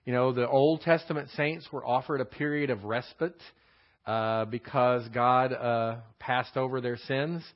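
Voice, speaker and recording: A man's voice: mid-range voice, steady tone, unhurried. A man teaching a verse-by-verse Bible study, explaining words and asking rhetorical questions with many fillers. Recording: dull lo-fi sound.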